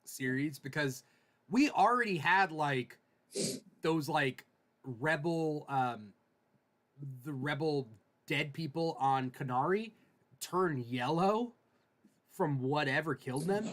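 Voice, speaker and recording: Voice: mid-range voice, expressive, takes it slowly, long pauses, a bit bright. A podcast co-host chatting casually, jokey and trying out silly voices. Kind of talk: casual chat.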